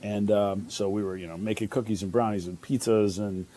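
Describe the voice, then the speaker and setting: This man, a Chicago chef in his 50s, rambles through interview anecdotes full of fillers and false starts. He talks fairly quickly in a warm, lowish voice with fairly even intonation.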